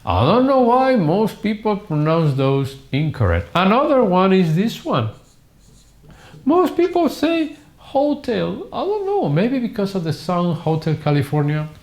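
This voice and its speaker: A man's voice: high-pitched, huge pitch swings, a little slow, darkish tone. A middle-aged man whose first language is Spanish, teaching a live online English lesson in a classroom and drilling words with emphatic repetition. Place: classroom with whiteboard.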